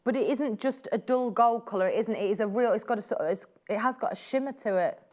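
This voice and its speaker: A woman's voice: a little high, fast, darkish tone. A woman presenting fabrics on a live shopping channel, chatty and gushing as she exclaims over each print. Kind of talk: live TV selling chat.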